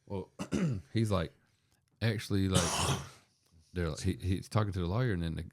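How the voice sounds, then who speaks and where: Man, very low voice, rambling casual podcast storytelling, dry close sound. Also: measured pace, no echo. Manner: rambling, loose storytelling full of fillers. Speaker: podcast co-host. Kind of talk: casual chat, retelling a movie.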